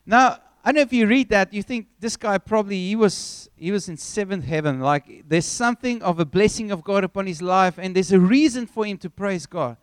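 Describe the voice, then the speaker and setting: A man preaching a sermon, telling a story with animated, acted-out scenes. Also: sits high, a little fast, few pauses, clean tone, no echo.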